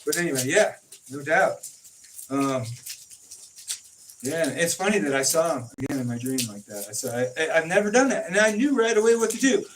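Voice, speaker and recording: In an informal conversation at home, a brisk, animated man from California tells stories, acting out the dialogue by slipping into the voices of the people he quotes. His voice is somewhat high for a man, and the mic is distant, leaving a faint hiss under the recording.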